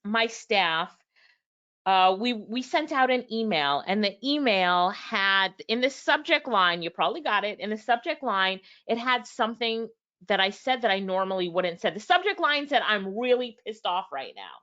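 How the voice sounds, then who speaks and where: A woman's voice: mid-range voice, animated, normal speed, bright, forceful tone, highs cut off. A woman reviewing a book live, reading passages aloud and talking straight to her viewers, acting out both sides of past conversations. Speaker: book reviewer and business owner.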